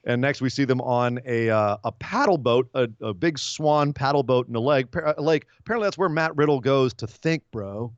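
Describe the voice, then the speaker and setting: Podcast co-host, male, mid-pitched, rambling recapper on a dull dry mic. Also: dry recording. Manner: rambling, retells comedy segments with quick voiced asides. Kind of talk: casual wrestling recap chat.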